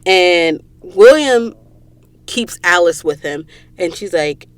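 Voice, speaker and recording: There's no room sound as this podcast host, fairly low-pitched with lively intonation, speaks slowly into a studio mic in a recording booth. She dramatizes the book's story emotionally on her casual recap show and addresses listeners directly.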